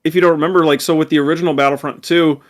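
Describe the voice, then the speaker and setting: A man co-hosting a fan podcast, telling an excited, rambling story in casual chat. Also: fairly high pitch, very fast. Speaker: podcast co-host.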